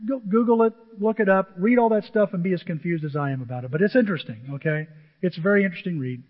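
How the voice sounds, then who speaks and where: Man preaching in a church, high voice, animated, long echoing hall reverb, dull lo-fi sound. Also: racing. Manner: animated, excitable, swings into high exclamations; self-described emotional. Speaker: pastor. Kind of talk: sermon. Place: church sanctuary with a screen.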